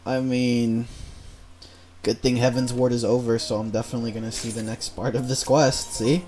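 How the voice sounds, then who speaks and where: A man's voice: medium pitch, level tone, normal speed, darkish tone, soft background music. Joking man streaming a game. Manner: rambling, joking, swears. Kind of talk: casual game-stream commentary.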